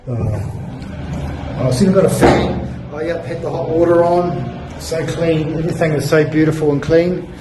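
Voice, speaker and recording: The recording is very noisy, roomy and distant-miked, with faint music playing. In it, a young New Zealand travel vlogger, tired after a long ride, sits in a hotel room casually rambling through a travel story to camera, sighing and dropping lots of fillers in a laid-back way. His voice is a little high and comes at normal speed.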